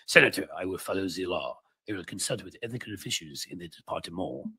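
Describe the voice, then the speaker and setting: A man's voice: a little high, lively intonation, fast, sharp tone, no echo, voice pushed up, full character voice. A man doing a mocking impression of an evasive female nominee at a hearing. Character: female attorney general nominee, evasive and defensive.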